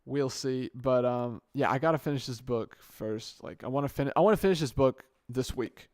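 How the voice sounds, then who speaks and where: A young male podcast host thinks aloud in a casual solo monologue on a good podcast mic, rambling and often restarting or correcting himself mid-sentence. His ordinary middle-pitched voice has a darkish tone and normal speed, and the sound is dry with no room echo.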